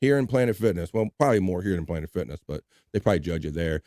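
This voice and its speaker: A man's voice: sits low, lively intonation, rapid-fire, mellow, dry recording, clean studio sound. Laid-back man hosting a livestream. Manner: loose, laughing, swearing, reading chat aloud. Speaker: host. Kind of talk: casual livestream chat.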